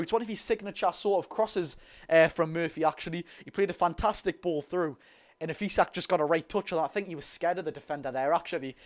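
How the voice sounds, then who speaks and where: A young Geordie man narrates a live football watch-along in a fairly high voice. He reacts to each pass with chatty excitement and keeps talking to his viewers and the lads. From North East England. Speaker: football fan streamer.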